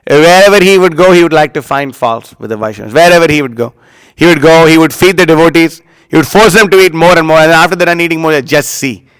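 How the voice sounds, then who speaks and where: A man's voice: on the high side, fast talker, a bit bright, clean tone, dry recording, rough recording. A man giving a devotional class, chanting Sanskrit verses and telling stories with emphatic acted-out quotes. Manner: chants Sanskrit verses, then explains with storytelling; emphatic, acts out quoted lines. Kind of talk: religious class talk.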